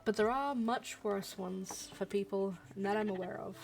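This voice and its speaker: A woman streamer chatting casually while playing a game, musing out loud with frequent ums. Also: medium pitch, normal speed, creaky. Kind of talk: casual let's-play commentary.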